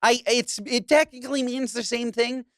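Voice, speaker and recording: A man co-hosting a podcast in casual chat, animated and crude, laughing often and reading a listener letter aloud. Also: extremely high pitch, normal speed, no echo, clean studio sound. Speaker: podcast co-host.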